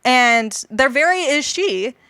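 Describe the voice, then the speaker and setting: A woman's voice: high-pitched, animated, takes it slowly, pushed and bright, no echo. A woman co-hosting a podcast, chatting casually about a film and explaining myths with lots of asides. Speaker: podcast co-host.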